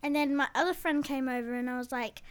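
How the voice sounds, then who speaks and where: A daughter on a casual family podcast, chatty and telling stories. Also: female voice, high-pitched, fast, clean tone. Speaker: daughter, guest.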